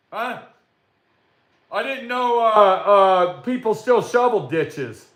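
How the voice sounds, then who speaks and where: High-pitched and expressive, with a fairly bright tone, an older man speaks slowly as he rants angrily on his livestream. Working from his workshop, he curses and confronts viewers over their comments.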